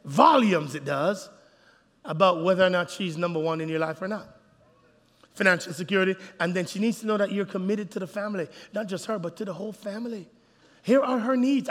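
A man preaching a sermon to a crowd of couples, animated, calling out to the men and acting out little scenes. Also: high-pitched. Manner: animated, acts out voices, calls out to the crowd. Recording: reverberant hall.

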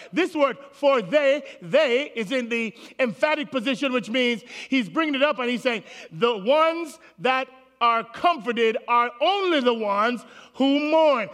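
A man preaching a sermon to his congregation, animated, calling out to the people in the room. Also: very high-pitched, a little slow. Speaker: pastor. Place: large auditorium with congregation. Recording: long hall reverb.

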